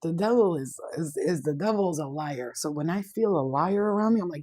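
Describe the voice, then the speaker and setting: A woman's voice: deep voice, expressive, fairly quick, dark tone, slightly rough, no echo. A woman, a spiritual reader, talking casually and bluntly to her viewers, swearing freely. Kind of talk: casual direct-to-camera chat.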